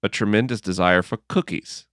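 A man being interviewed about his book, telling stories in an earnest, gently humorous way and acting out his own inner dialogue. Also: on the low side, moderate pace, no room sound, clean studio sound. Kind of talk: reflective conversational storytelling.

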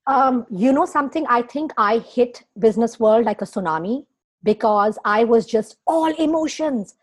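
Woman guest, fairly high voice, expressive, casual interview talk. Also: normal speed, husky. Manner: expressive, emotional, laughs often, many fillers.

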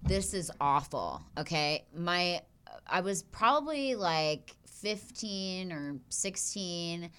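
A young woman hosting a podcast, telling a story in a casual, animated and profane way. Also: lowish voice, slow pace, clear, resonant tone. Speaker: podcast host.

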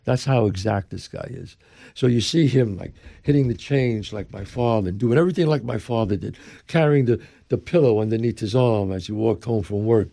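An older man from the Bronx, New York accent and all, tells an animated story as an interview guest, acting out the people he quotes with lively emphasis. His voice is lowish and brisk with vocal fry, and the recording has no echo.

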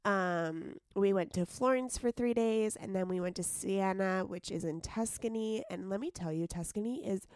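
A woman's voice: mid-range voice, moderate pace, few pauses, a little mellow, no echo. A sick woman with a sore throat chats casually as a podcast co-host. She rambles and restarts her sentences. The sound is dry and close, with no room around it. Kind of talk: casual chat.

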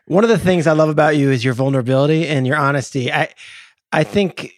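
A male podcast co-host lays out background before asking his guest a question, earnest and deliberate. His voice sits a bit higher than most men's. The recording is dry and close. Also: dry recording. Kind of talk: interview questions.

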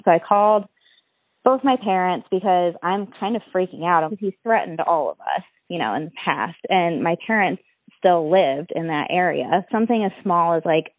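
A woman's voice: fairly low pitch, expressive, moderate pace, dry recording, narrow, tinny audio. A young adult woman recounting her own story as a guest, rambling and stacking up "like" fillers. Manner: rambling, many "like" fillers, restarts. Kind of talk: personal account in an interview.

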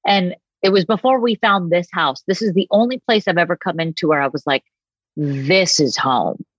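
Podcast guest, middle-aged woman, comedic storyteller, lowish pitch, dull close recording. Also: brisk, dry recording. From Boston area. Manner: animated storytelling, acts out voices. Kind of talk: casual chat.

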